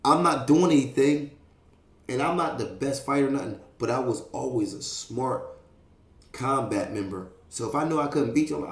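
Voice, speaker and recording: A young man tells a story in a loose, streetwise way, swearing freely and filling the gaps with sound effects and checks on his listener. His voice sits at an ordinary middle pitch. The room around him rings with a clear echo. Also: normal speed. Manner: streetwise, profane, animated, fillers like "you know what I mean". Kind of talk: casual storytelling.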